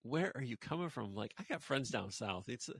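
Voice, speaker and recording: A man's voice: medium pitch, lively intonation, fairly quick, gravelly, fairly bright tone, breathy edge, dry recording, studio quality. A man hosting a casual podcast, talking in a rambling way with lots of "you know" fillers. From United States. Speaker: podcast host. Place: rural village.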